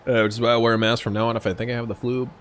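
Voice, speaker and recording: A man's voice: medium pitch, level tone, very fast, a bit bright. A young man streaming and chatting while gaming, a little drunk, rambling, swearing and laughing a lot. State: tipsy from drinking. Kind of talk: casual live-stream chat while gaming.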